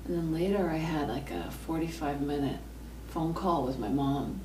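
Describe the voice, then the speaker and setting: A woman singer with a low voice full of vocal fry, talking in a casual, rambling way, her voice tired and tight. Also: normal speed. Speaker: singer asking for vocal advice. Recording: roomy, distant mic, noisy background.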